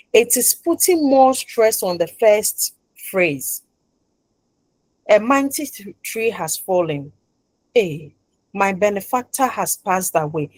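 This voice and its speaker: In a close, dry recording with no room echo, a woman lecturing at university uses a mid-pitched, slightly mellow voice. She leaves sentences open with "what?" for the class to fill in and repeats and rephrases her points to check everyone is keeping up.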